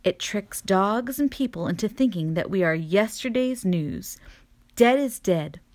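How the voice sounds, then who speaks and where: A woman's voice: mid-range voice, animated, measured pace, a little mellow, natural voice. A woman reading a storybook aloud, voicing a wise and theatrical mother possum who lectures her babies. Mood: solemn.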